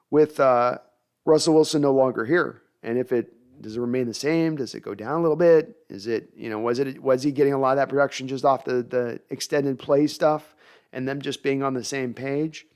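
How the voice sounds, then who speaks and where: A man hosts a casual live sports talk stream, chatting through viewer comments. His speaking pitch sits in an ordinary middle range, and he reasons aloud, often restarting sentences as he works through a point. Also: brisk, a little mellow, clear, resonant tone. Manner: conversational, analytical, thinks aloud with restarts. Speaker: podcast host.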